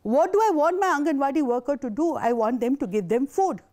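A woman's voice: high voice, lively intonation, a little fast, a little mellow. An older woman, giving a passionate, indignant conference talk. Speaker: invited speaker.

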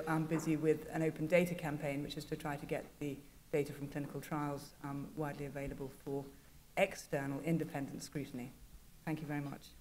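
A woman, a journal editor on a conference panel, telling anecdotes in a halting, self-deprecating way. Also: low voice, darkish tone, a little hiss or hum. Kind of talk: panel talk. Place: conference hall. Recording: reverberant conference hall.

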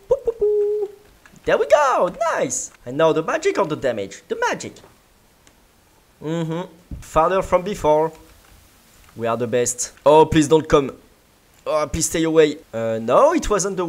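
Playful gamer with wildly swinging pitch. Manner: playful, with yelps, giggles and mouth sound effects. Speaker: gaming video creator. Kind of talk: let's play commentary.

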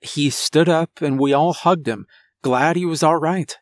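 Slow-paced man narrating a horror story. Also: on the high side, dry recording, studio quality. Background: faint music.

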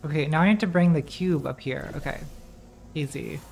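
A woman's voice: low voice, fairly quick, vocal fry, darkish tone, faint music behind. A woman streamer giving casual, rambling commentary while playing a game, distracted and swearing as she talks to herself.

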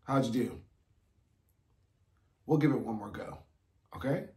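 A man's voice: medium pitch, a little slow, mellow, roomy sound. A man teaching a beginner music theory lesson online, upbeat and encouraging as he counts beats aloud for his students to clap along.

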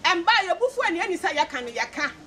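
A woman speaking as spokesperson at a traditional engagement ceremony, announcing the gifts in a lively, playful way. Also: extremely high pitch, rapid-fire. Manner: lively, playful, joking with the crowd. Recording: noisy crowded event hall.

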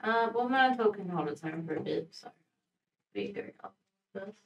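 A woman player in a tabletop game, chatting casually and quick to joke. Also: medium pitch, lively intonation, vocal fry, highs cut off. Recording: roomy room with music underneath.

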